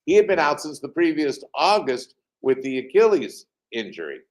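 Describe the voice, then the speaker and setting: A man, a team president, telling animated anecdotes as an interview guest, pausing often with fillers over a remote call. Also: on the high side. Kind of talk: interview storytelling.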